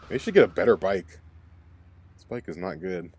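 A young man narrating his own gameplay in a low voice that swings widely when excited. He swears freely and reacts loudly as the action unfolds, with faint game music behind him. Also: brisk. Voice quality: excitable, swears and laughs often. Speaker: let's play host. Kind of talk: casual gaming commentary.

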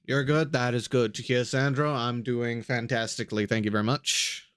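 A man's voice: medium pitch, flat delivery, normal speed, a bit bright, smooth. A man streaming a game live, casually chatting with his viewers, answering their messages and often repeating himself. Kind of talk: casual live-stream chat while gaming.

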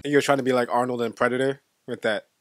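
A man's voice: medium pitch, fairly even intonation, fast, soft background music. A man hosting a movie reaction, chatting casually and laughing often. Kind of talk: casual commentary. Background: movie soundtrack.

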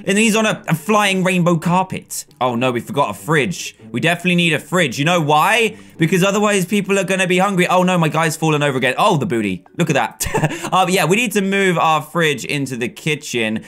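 A young man giving casual, excitable commentary as he plays a video game, laughing often and talking to the other players. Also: fairly high pitch. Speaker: gaming video host. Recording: faint game music behind.

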